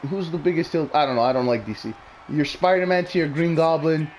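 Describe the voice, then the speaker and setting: A man's voice: on the high side, a little fast, a little mellow, slight background noise. A man talking casually and bluntly, rambling through opinionated predictions with plenty of swearing. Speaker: wrestling commentary vlogger.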